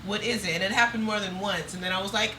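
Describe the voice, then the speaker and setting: A woman's voice: medium pitch, steady tone, fast, heavy background noise. A woman guest on a podcast, a model who teaches runway, talking candidly and expressively with some cursing. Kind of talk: casual chat.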